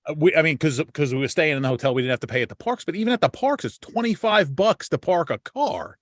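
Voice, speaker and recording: A man's voice: a little high, lively intonation, fast, no echo. Guy hosting a podcast, rambly and cussing a lot, dry close sound. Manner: rambling, swears freely, many restarts. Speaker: podcast host. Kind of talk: casual chat.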